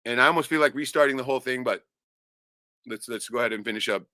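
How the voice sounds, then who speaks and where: A man's voice: mid-range voice, fast talker, pushed and bright, no room sound, clean studio sound. A man hosting a livestream, delivering an angry, profane rant and swearing constantly. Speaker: livestream host. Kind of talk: angry ranting monologue.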